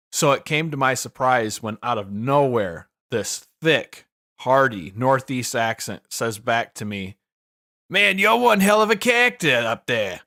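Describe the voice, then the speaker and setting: A man's voice: mid-range voice, fairly bright tone, dry recording, studio quality. A man hosting a podcast, reading a scripted introduction of his guest as a plain story. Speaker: podcast host. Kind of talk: scripted narration.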